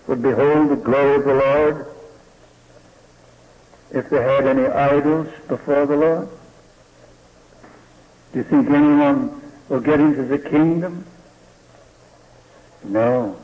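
A man preaching a sermon slowly and deliberately, often asking the listeners rhetorical questions. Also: mid-range voice. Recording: dull lo-fi recording in a reverberant hall.

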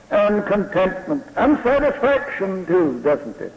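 A man preaching a sermon slowly and deliberately, often asking the listeners rhetorical questions. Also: fairly high pitch, expressive. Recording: dull lo-fi recording in a reverberant hall.

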